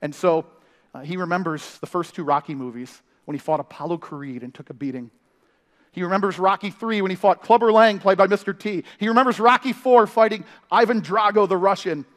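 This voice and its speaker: The sermon comes from a man who serves as a family pastor, and his style is animated storytelling peppered with quick wit and mimicry. Recorded live in a reverberant church hall, his voice, high for a man, echoes at length.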